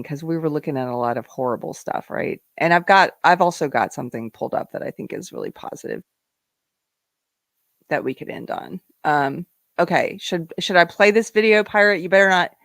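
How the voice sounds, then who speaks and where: A woman's voice: low voice, creaky, no room sound, clean studio sound. A woman hosting a live-stream talk show who reads and answers viewer chat in a casual, chatty way. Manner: casual, chatty, laughs often. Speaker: host.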